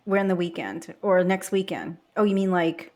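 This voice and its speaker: A woman co-hosting a casual podcast who tells stories in an animated way and laughs often. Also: lowish voice, moderate pace. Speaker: podcast co-host. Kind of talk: casual chat.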